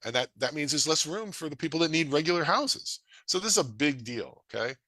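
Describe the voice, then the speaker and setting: A middle-aged man with a bright, forceful voice and a slightly raised pitch. He presents to an audience in an energetic, folksy way, his pitch swinging widely as he acts out quick bits of dialogue. The sound is dry and close. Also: dry recording. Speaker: real estate investor presenting a webinar.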